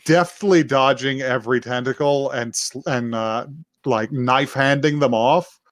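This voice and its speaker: A man's voice: mid-range voice, unhurried, dry recording, studio quality. Rambling man recapping on a podcast. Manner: rambling retelling with many fillers, acting out quoted lines. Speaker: podcast co-host. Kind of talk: casual episode recap.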